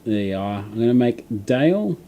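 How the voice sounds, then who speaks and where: A man's voice: mid-range voice, very animated, normal speed, mellow, a little hiss or hum. An Australian man hosting a livestream, chatting casually and reading out viewer comments, rambling with lots of fillers and restarts. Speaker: livestream host.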